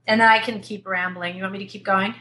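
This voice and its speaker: Bright, chatty woman vocal coach. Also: mid-range voice, fast. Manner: animated, chatty, many fillers and restarts. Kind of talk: remote interview, explaining technique. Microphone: desktop computer mic at a distance.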